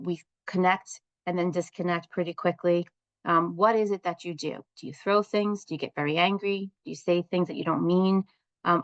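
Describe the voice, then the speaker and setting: Woman facilitator, slightly low voice, steady teaching delivery, dry close recording. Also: dry recording, highs cut off. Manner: calm, explanatory, asks the group questions. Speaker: parent support group facilitator. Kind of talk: instructional talk to a group.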